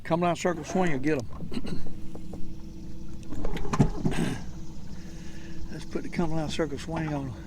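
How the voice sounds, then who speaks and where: An older man with a Southern US accent giving excited, folksy commentary while fishing from a boat. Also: fairly high pitch, slow pace, long pauses, heavy background noise. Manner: excitable, folksy, talks to himself and viewers. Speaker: fishing vlogger. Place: outdoors on a boat on a lake.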